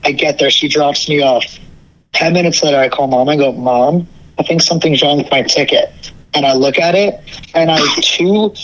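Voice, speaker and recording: A young man telling a family story in a casual, animated way, acting out the quoted dialogue. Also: on the high side, normal speed, rough recording.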